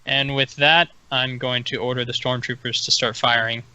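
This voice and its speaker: A man's voice: medium pitch, little pitch movement, normal speed, sharp tone, smooth, rough recording. A man playing a tabletop role-playing game, giving orders for his character. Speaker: player. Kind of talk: casual tabletop play.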